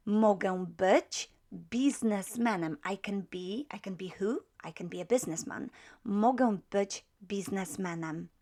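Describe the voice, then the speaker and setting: A woman's voice: medium pitch, vocal fry. A woman teaching a beginner language lesson, explaining patiently with many fillers and "right?" checks.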